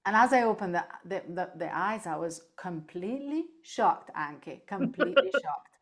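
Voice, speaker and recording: A woman speaking as a podcast guest on animal end-of-life care, telling lively stories, laughing easily and often checking in with "right?". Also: on the low side, normal speed. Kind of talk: casual interview chat.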